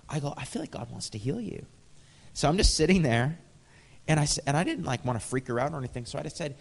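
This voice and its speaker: A man's voice: mid-range voice, quick pace, gravelly, long reverb tail. An American man preaching a sermon, telling stories in a casual, conversational way with frequent chuckles. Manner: conversational, chuckles often, acts out dialogue. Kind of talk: storytelling sermon.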